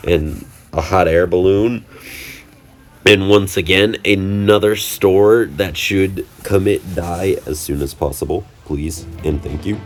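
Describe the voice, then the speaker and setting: A young man giving rambling, jokey voice-over commentary on his holiday footage, often stumbling and correcting himself. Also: low voice. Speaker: channel host. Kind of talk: casual vlog commentary over trip footage.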